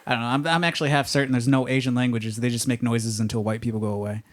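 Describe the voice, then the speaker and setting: A man's voice: medium pitch, fairly even intonation, very fast. A man doing a stand-up set on a comedy club stage, rambling and conversational, asking the crowd if they know what he means.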